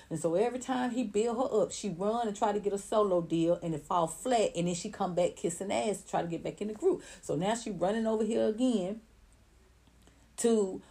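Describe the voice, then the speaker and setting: A woman giving blunt, animated celebrity gossip commentary on her own channel. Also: mid-range voice. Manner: animated, blunt, rising to heated outbursts. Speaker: commentary vlogger.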